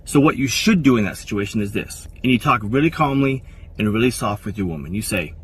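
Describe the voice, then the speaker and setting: A man's voice: medium pitch, expressive, fast. A man giving firm, didactic relationship advice in a recorded clip. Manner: firm and didactic, acts out quoted lines. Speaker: relationship coach. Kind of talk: instructional monologue in a clip. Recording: slightly distant with faint background noise.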